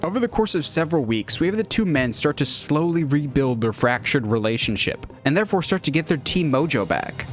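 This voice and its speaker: A man narrating a movie pitch in an enthusiastic, animated way. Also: brisk, hardly any pauses, faint music behind. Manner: animated, lively.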